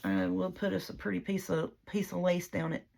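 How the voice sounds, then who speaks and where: A woman demonstrates a paper craft project, her lowish, darkish voice brisk and fairly even, with vocal fry. She chats casually and rambles in a folksy way, narrating her own mistakes as she goes.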